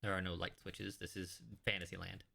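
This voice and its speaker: Low bright-voiced man running the game. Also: creaky. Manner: relaxed, halting narration with many fillers. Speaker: dungeon master. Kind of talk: narrating a tabletop game.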